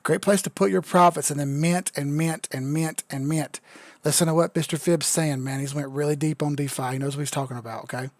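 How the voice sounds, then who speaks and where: A man's voice: a little high, fairly even intonation, a little fast, dry recording. Tipsy, joking man on a live stream. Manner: loose, joking, profane, says he is drunk. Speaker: crypto chart analyst streamer. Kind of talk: casual live-stream commentary.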